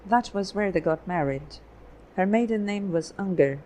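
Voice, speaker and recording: A woman voicing a calm, guarded photographer raised in Germany, telling his past in a measured way. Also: mid-range voice, slight background noise, close to an everyday voice, low-quality recording. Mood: earnest. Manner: measured, explanatory storytelling.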